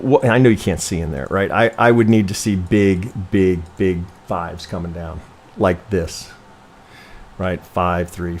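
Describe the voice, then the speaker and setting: A man's voice: low voice, a little mellow. A man teaching chart analysis on a live stream, talking casually and thinking aloud. He swears, keeps correcting himself and often checks in with "right?". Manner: rambling, profane, constantly self-correcting, asks "right?"; thinks aloud while working through charts. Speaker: trading educator reviewing member charts.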